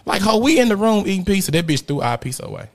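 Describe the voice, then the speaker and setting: A man, a podcast host telling a rowdy, profane story in casual chat, jumping between loud outbursts and muttered asides. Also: high-pitched, very animated, fast. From Memphis, USA. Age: 30s.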